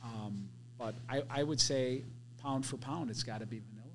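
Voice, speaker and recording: A man's voice: mid-range voice, moderate pace, fairly bright tone, a little hiss or hum. A man who is a guest from the food business, talking casually in a reflective, matter-of-fact way. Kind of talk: casual conversation.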